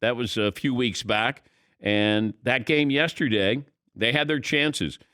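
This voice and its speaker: A man's voice: medium pitch, slow pace, bright, forceful tone, dry recording, clean studio sound. A man hosting a sports talk radio show, giving conversational, opinionated commentary.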